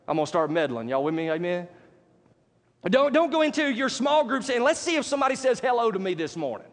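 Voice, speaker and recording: Man, pastor, conversational sermon, call-and-response, high voice, echoing hall.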